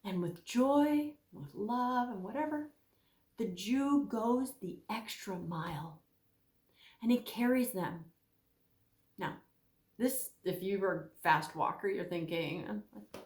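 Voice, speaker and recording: A woman giving a casual Bible teaching talk, animated, acting out the voices she quotes. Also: mid-range voice, takes it slowly, reverberant.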